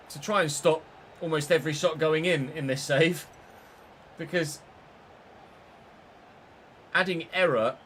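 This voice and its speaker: A young man streaming live, chatting through his football game and breaking into excited shouts between muttered asides. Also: fairly high pitch, slight background noise. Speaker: gaming streamer.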